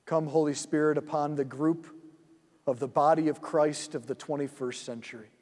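A man leading a guided prayer meditation in a church hall, speaking gently and soothingly and often dropping to a hush. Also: fairly high pitch, steady tone, normal speed.

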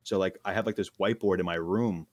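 Slangy young man, low dry voice. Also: fairly even intonation, quick pace, darkish tone, no echo. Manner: slangy, filler-heavy, laughing at his own story. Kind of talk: casual storytelling.

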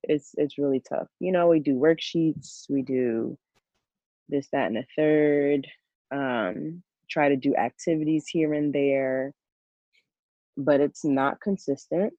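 Halting worried woman, slightly dull sound. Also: low voice, dark tone, no echo. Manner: reflective, worried, halting with many restarts. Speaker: working parent. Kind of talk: casual podcast conversation.

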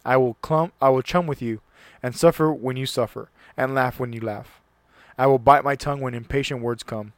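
A man's voice: medium pitch, moderate pace, dry recording. A man hosting a solo talk show, chatting casually and reading a passage aloud earnestly, sometimes stumbling and restarting words.

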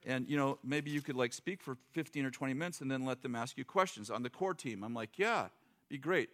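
A man's voice: medium pitch, fairly quick, fairly bright tone. Middle-aged guy preaching, chatty and jokey, acts out the quotes. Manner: conversational, joking, acts out quotes. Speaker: pastor. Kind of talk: sermon.

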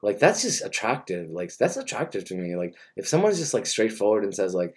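A man's voice: fairly low pitch, big pitch swings, fairly quick, a little mellow, breathy edge. Rambling mock-earnest young man. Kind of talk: rambling comedic monologue.

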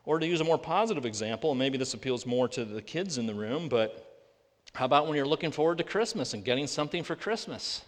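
A pastor preaching a sermon, earnest and full of rhetorical questions, slowing down to read scripture aloud. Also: male voice, mid-range voice, lively intonation. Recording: long reverb of a large hall.

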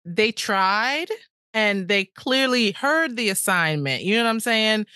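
A woman co-hosting a podcast in casual chat, animated and outspoken, quick to laugh. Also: medium pitch, no room sound, studio quality. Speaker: podcast co-host.

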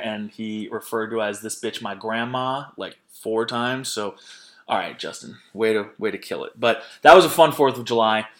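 A man's voice: medium pitch, fairly bright tone. A young man hosting a podcast in casual, rambling chat, laughing often and swearing freely. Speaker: podcast host.

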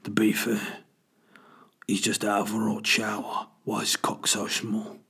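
A man voicing a cocky, foul-mouthed male bird in a low, hushed, gruff voice. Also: monotone, measured pace, full character voice. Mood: taunting.

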